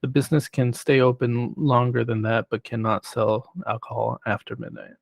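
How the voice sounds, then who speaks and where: A man on city planning staff who presents a formal report in a measured way, reading prepared remarks. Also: medium pitch, fairly even intonation, gravelly, no echo. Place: city council chamber.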